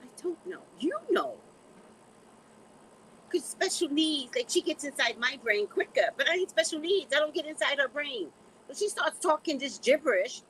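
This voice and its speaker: A vlogger with a high voice chats casually to her camera, blunt and sassy, animated and drawn-out, repeatedly leaning on "you know" between thoughts. The audio is poor, with a slight hiss or hum.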